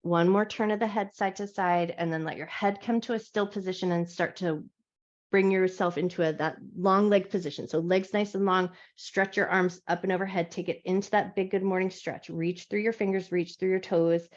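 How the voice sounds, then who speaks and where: A woman teaching a live yoga class on a clip-on mic, giving soft, soothing guided cues. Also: medium pitch, fairly even intonation, normal speed. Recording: dull lo-fi live class audio.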